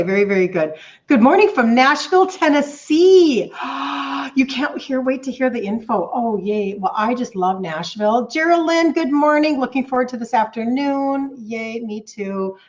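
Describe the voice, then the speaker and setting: A woman in her fifties, a health coach chatting warmly and excitedly with viewers on a live stream, reading out their comments. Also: fairly high pitch. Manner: bubbly, gushing, reads out viewer comments. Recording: slightly dull lo-fi stream audio.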